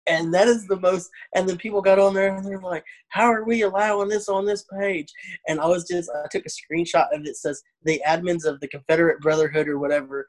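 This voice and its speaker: A man's voice: a little high, fast talker, hardly any pauses. A man from Arkansas with a Southern accent, telling stories in casual chat and acting out the people he quotes. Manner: animated storytelling, acts out quoted people. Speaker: comedian.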